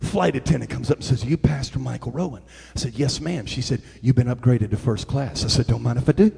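A man preaching a sermon as storytelling, swinging from hushed tones to shouting. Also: mid-range voice, a little fast, vocal fry, husky, long reverb tail.

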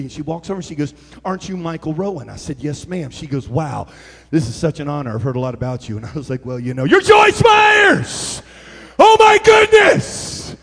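A man preaching a sermon as storytelling, swinging from hushed tones to shouting. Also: fairly high pitch, creaky, breathy edge, big-room sound.

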